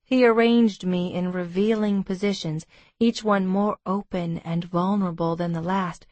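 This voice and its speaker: A woman reading a romance audiobook in steady, intimate first-person narration. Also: lowish voice, measured pace, dry recording.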